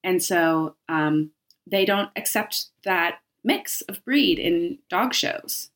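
Woman joking deadpan in a lowish voice. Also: slow. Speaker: podcast guest. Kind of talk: casual chat.

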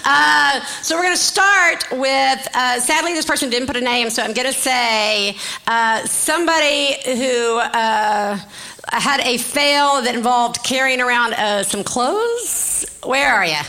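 A woman's voice: high-pitched, lively intonation, measured pace, pushed and bright. A woman hosting a live podcast, chatting through an anecdote and acting out quoted lines. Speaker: podcast host. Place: live stage before an audience.

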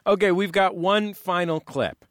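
A man hosting a comedy panel quiz show as a brisk, joking quizmaster. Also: high voice, steady tone, background noise. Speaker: game show host.

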